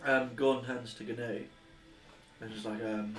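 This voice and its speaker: A man's voice: mid-range voice, fairly even intonation, a little slow. A man with a British accent playing a tabletop game, talking hesitantly with many fillers. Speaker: player. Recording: distant from mic, roomy echo, faint music.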